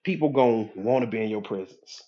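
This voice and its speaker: A man's voice: fairly low pitch, a little fast, muffled recording. A man as a hypnotherapist and life coach giving a motivational talk, preachy and conversational, often checking in with his listeners.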